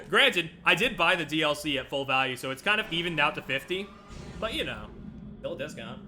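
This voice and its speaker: A man's voice: a little high, animated, a little fast, sharp tone, slight background noise. A man streaming a video game, ranting casually with lots of laughter and swearing. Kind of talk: casual gameplay stream commentary.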